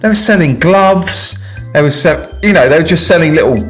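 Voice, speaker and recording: A man's voice: fairly high pitch, fairly bright tone, faint music behind. A man co-hosting a comedy podcast, teasing his partner and hurrying things along. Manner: brisk, teasing, keeps things moving. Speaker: podcast co-host. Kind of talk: casual comic chat.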